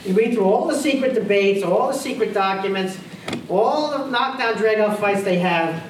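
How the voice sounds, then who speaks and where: A man with a high voice lectures on university history at a normal speed, emphatic and firing off rhetorical questions while repeating his key phrases. He's in a lecture hall, picked up from a distance with roomy hall sound and slight background noise.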